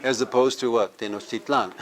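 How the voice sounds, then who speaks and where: A man's voice: medium pitch, animated, fairly quick, a little hiss or hum. A man, a university professor, giving a live language lecture, explaining step by step and having the audience repeat words after him. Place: cultural center with a live audience.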